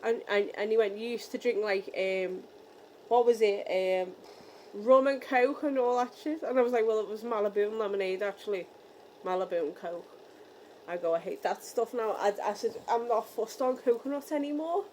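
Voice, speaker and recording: A young British woman from the UK telling a story in a casual vlog, acting out the dialogue with lively energy. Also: medium pitch, moderate pace, a little hiss or hum, low-quality recording. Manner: animated, re-enacting dialogue. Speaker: vlogger.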